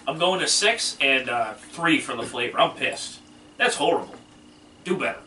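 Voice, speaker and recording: A man's voice: medium pitch, expressive, moderate pace, pushed and bright. Man, wing-review co-host, blunt and emphatic, recorded from a distance with faint background noise. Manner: blunt, emphatic, fired-up critic. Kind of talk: casual chat. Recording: echoey room, distant mic, faint noise.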